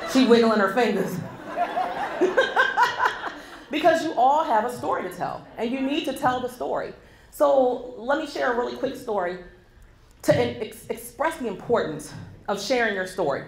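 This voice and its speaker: Woman in her forties, motivational keynote, animated storyteller, a bit high-pitched, roomy live-hall sound. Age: 40s. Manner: animated storytelling, addresses the audience directly. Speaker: keynote speaker. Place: conference hall before a live audience. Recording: echoey hall with faint background noise.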